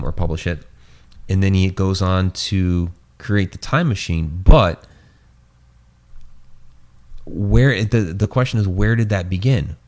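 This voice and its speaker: A man with a very low, deep voice talks loosely as a podcast host, stopping and restarting his thoughts with lots of ums. His voice is getting tired and starting to go. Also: a little mellow. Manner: rambling, many fillers and restarts. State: losing his voice. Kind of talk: casual podcast chat.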